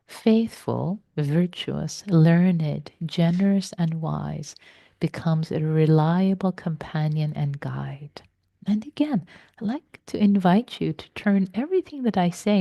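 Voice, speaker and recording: A woman meditation teacher giving a slow, reflective dharma talk in a soft voice, with some words whispered for stress. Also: on the low side, vocal fry, dry recording, clean studio sound.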